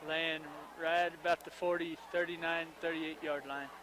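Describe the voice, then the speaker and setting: An older man doing color commentary on a high school football radio broadcast, plain and matter-of-fact. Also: level tone, moderate pace, background noise. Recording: loud band music behind.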